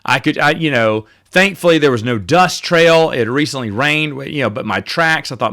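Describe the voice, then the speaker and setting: A man's voice: on the high side, expressive, normal speed, sharp tone. A man hosting a podcast, telling rambling, self-correcting stories in a casual monologue. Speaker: podcast host.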